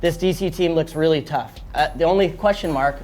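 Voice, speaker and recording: A man in his thirties, a former player turned co-host, breaking down matches in a relaxed, joking studio chat. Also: fairly high pitch, brisk. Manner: relaxed, joking, speaks in loose bursts with fillers. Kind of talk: casual sports chat.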